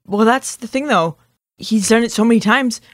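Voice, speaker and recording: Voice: mid-range voice, moderate pace, dry recording, studio quality. A podcast co-host chatting casually, making wry, joking remarks. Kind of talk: casual chat.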